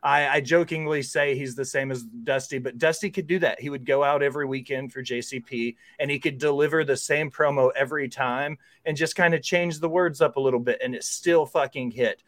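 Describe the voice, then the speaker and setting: A male guest on a wrestling podcast, quick with a joke and a tease and not shy about swearing. His voice is at a middling pitch, and he talks in a loose, chatty way. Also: steady tone, fairly bright tone, no room sound. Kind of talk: casual wrestling review chat.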